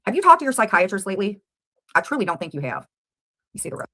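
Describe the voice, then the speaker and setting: A woman on a livestream rants straight at a rival, her words tumbling out quickly. Her voice sits in a middle pitch. She is combative and keeps hammering the same questions. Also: sing-song, pushed and bright. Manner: combative, addresses a rival directly with rapid questions. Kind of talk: confrontational livestream rant.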